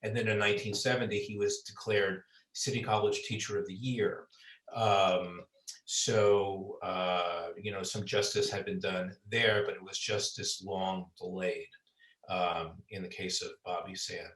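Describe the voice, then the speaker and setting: A man's voice: deep voice, flat delivery, unhurried, fairly bright tone. A man, an author, chatting about his book with lots of fillers and restarts, heard over a video call. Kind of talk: conversational book talk. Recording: roomy sound, far from mic.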